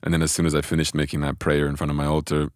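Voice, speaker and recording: Man, extremely low voice, dry close sound, lively storyteller, restarts a lot. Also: rapid-fire, dry recording. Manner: animated storyteller, frequent self-restarts. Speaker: spiritual teacher telling a personal story. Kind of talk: conversational podcast storytelling.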